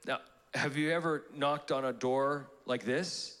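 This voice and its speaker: A young adult man preaching a live church sermon, animated and playful, acting out prayers in comic voices. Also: mid-range voice, a little slow. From Canada. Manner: animated, acts out prayers in funny voices, laughs often. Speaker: pastor. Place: church auditorium.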